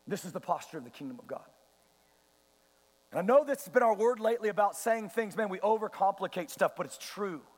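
High-voiced pastor preaching in a reverberant hall. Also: male voice, animated, brisk. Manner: emphatic, rising and dropping sharply for effect; acts out quoted voices and asks the crowd questions. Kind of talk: sermon.

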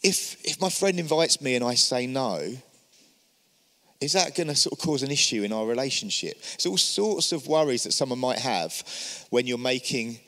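A man's voice: mid-range voice, lively intonation, normal speed, pushed and bright, long reverb tail. A man giving an encouraging church teaching talk, speaking earnestly and asking many rhetorical questions. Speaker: church leader.

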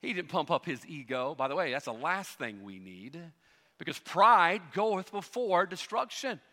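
A man preaching from a church pulpit with a high, bright, ringing voice. His delivery is animated and emphatic, jumping from loud exclamations to soft, drawn-out asides. The sound carries a long reverb from the hall. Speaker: pastor. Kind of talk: sermon.

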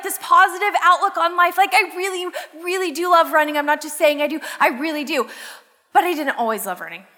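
A high-voiced young woman with a bright, forceful tone gives a chatty, animated sermon-style talk. She acts out her own past lines as she tells a personal story. Her voice rings with the long reverb of a large hall. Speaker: youth speaker.

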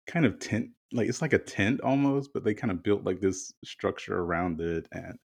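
This is a man with a very low, deep voice, talking in a relaxed, candid way as a podcast co-host. He tells his story in loose, chatty conversation, dropping the occasional swear word. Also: moderate pace, gravelly, breathy edge. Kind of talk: casual chat.

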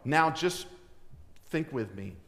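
A man preaching a sermon, asking his congregation questions and swinging from loud emphasis to hushed, near-whispered lines. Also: mid-range voice, animated, takes it slowly. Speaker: pastor. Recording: long hall reverb.

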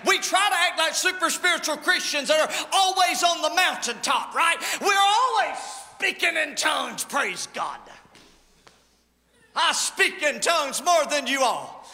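A man preaching a sermon as lead pastor, impassioned and swinging between shouts and low asides. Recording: church hall with long reverb.

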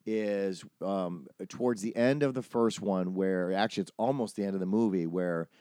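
A man casually telling a long story from his film-set days, animated and profane, acting out the people he quotes. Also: low voice, moderate pace, smooth. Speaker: podcast host telling a story.

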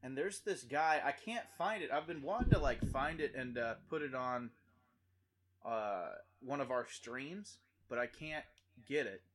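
In casual chat, a young man rambles through a story full of fillers, breaking into loud, high-pitched impressions of the people involved. He's animated but keeps a measured pace.

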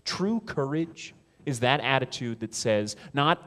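Man, pastor, sermon, emphatic, mid pitch. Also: animated, unhurried, fairly bright tone.

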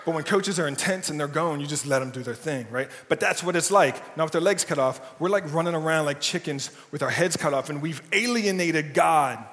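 Male pastor, casual and jokey, slightly high voice, long church reverb. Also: fairly quick, few pauses, fairly bright tone. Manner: casual and jokey, often asks "right?". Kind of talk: conversational sermon. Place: church sanctuary.

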